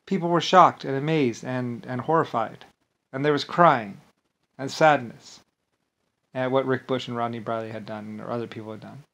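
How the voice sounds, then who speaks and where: A man's voice: mid-range voice, normal speed, gravelly, fairly bright tone. A man delivering an angry, rambling monologue, swearing often, repeating himself and restarting his sentences. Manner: profane, repetitive, ranting with many restarts. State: agitated and angry. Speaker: vlogger.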